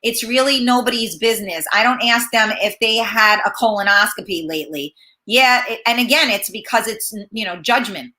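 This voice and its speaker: A woman's voice: a little high, normal speed, pushed and bright. A woman hosting a casual live-stream talk show, reading viewer comments aloud and answering them with plenty of fillers. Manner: chatty, reads comments aloud, hesitant with many fillers.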